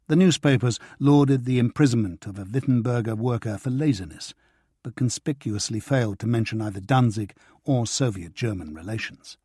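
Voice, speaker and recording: A man narrates a spy thriller audiobook at a middle pitch. His voice is a little husky and his delivery stays measured and even. The studio sound is close and dry, with no room echo.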